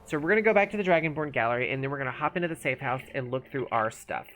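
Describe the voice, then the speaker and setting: Streamer, casual play-along chatter, thinks out loud, mumbles sometimes, lively pitch, faint game music under. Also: very fast. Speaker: gaming streamer. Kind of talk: casual live-stream commentary.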